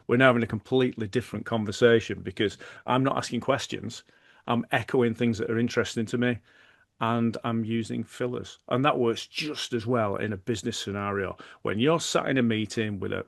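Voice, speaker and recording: Man, middle-aged, gravelly, dry close sound, podcast guest explaining with examples. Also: medium pitch, no room sound. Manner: explains by example, acts out dialogue. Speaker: guest, former hostage negotiator. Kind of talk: podcast interview.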